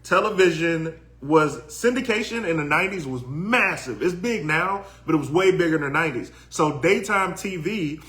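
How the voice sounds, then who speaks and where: A man's voice: a little high, animated, moderate pace, few pauses, fairly bright tone. A man in his thirties from Detroit with a country twang, co-hosting a podcast in a laid-back, storytelling way. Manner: laid-back, storytelling, reads comments aloud. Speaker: podcast co-host. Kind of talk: casual chat, reading viewer comments.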